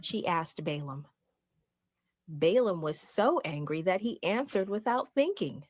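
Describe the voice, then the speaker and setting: Woman, children's story narration, expressive, lively intonation, dry close recording. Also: lowish voice, unhurried, no room sound.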